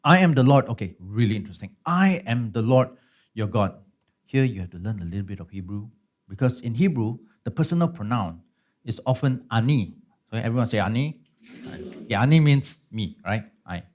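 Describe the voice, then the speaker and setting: A man's voice: medium pitch, lively intonation, fairly quick, darkish tone. Conversational man teaching a Bible study. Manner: conversational, checks in with listeners with frequent tag questions.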